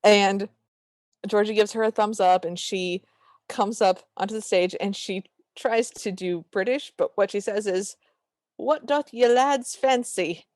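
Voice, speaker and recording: This co-host's voice sits at a medium pitch and moves a little slowly as she recaps a film in easygoing chat. She gets animated and voices the characters' lines herself. The audio is studio grade, without any room sound.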